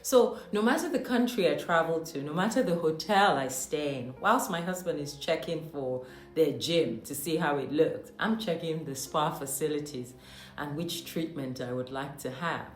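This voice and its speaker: A woman's voice: sits low, moderate pace. A woman from Nigeria telling a personal story in a monologue. She talks animatedly, with mock-outraged asides, and laughs often. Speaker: host. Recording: echoey room with faint music.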